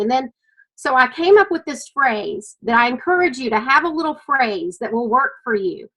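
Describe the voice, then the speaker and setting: A woman's voice: high-pitched, animated, brisk, a bit bright, low-quality recording. A middle-aged woman with a Southern US accent, giving an earnest, emotional personal testimony about her weight-loss journey. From American South. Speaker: weight-loss client sharing her story.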